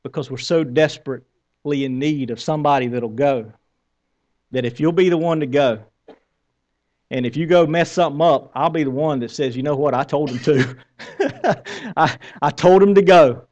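A man with a Southern American accent preaching a conversational sermon, asking the congregation questions and joking at his own expense. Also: fairly high pitch. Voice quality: bearded. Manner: conversational preaching with questions to the crowd, wry humor. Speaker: pastor.

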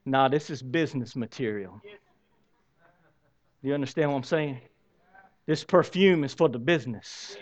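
A man preaching a sermon as pastor, swinging from loud exclamations to hushed, drawn-out lines. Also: mid-range voice, muffled recording.

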